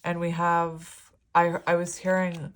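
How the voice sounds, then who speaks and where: A woman's voice: on the low side, monotone, slow pace. A woman giving a casual tarot reading, talking in a rambling, filler-heavy way and easily moved. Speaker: tarot reader.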